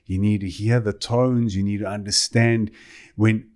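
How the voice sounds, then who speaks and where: A man with a somewhat low voice hosts a relaxed interview podcast. He backs up his guest with quick yeahs and then lays out his own points at length. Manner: affirming, interjects with short agreements, explains at length. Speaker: podcast host. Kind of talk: casual conversational interview.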